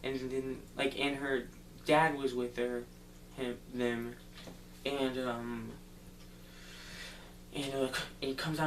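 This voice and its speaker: A man loosely retelling a movie plot, wandering through the story with constant "like" and "um". He talks at an unhurried pace, sitting back from the mic. The room is echoey, and a faint hum sits behind him. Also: mid-range voice, flat delivery. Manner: rambling, loose retelling full of "like" and "um". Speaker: movie reviewer. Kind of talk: casual spoken movie recap. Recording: roomy echo, distant mic, faint hum.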